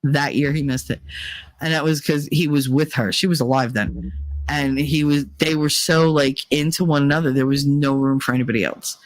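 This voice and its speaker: A woman's voice: deep voice, fairly even intonation, moderate pace, no room sound. A middle-aged woman hosting a casual chat stream, telling candid, profane stories and acting out the people in them. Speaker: livestream host.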